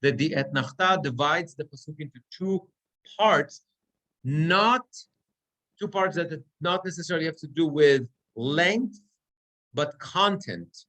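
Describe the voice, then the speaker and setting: A man's voice: a little high, animated, a little slow, pushed and bright, poor audio. A man teaching a class on Torah reading as cantor, explaining chant rules and chanting Hebrew verses. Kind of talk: online class lesson.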